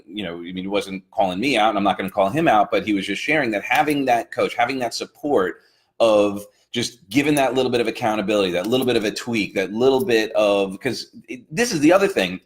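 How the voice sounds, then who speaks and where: A man co-hosting a casual motivational chat as a coach, talking with rising emphasis. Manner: animated, builds emphasis with rising pitch. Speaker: co-host, coach.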